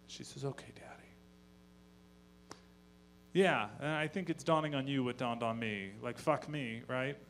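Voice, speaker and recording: A man doing a stand-up comedy set on stage, telling stories in a deadpan voice with profane asides. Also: medium pitch, normal speed, hardly any pauses, slight background noise. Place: live comedy venue on stage.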